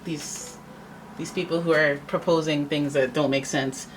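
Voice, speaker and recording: Low-voiced chatty woman tarot reader. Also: fairly even intonation, a little slow, a little hiss or hum, poor audio. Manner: chatty, dramatic, acts out quoted voices. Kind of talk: casual tarot reading.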